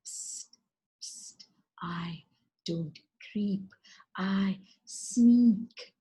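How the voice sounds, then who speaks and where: A woman's voice: mid-range voice, extremely slow, warm tone, breathy edge, heavily acted. A woman voicing a sneaky male lizard suitor who hisses between words. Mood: sly. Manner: hissing psst sounds.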